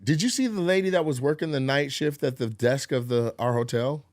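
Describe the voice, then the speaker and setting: A man's voice: medium pitch, a little fast, dry recording, clean studio sound. A man co-hosting a podcast, telling a story in casual chat and acting out what people said, with plenty of swearing. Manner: animated, acts out quotes, profane. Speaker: podcast co-host.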